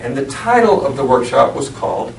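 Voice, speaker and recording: A man's voice: mid-range voice, big pitch swings, fairly quick, vocal fry. Storytelling preacher man in an echoey church. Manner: storytelling, laughs often. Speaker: reverend. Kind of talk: sermon with a personal story. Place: church sanctuary. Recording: echoey church from far off, noisy.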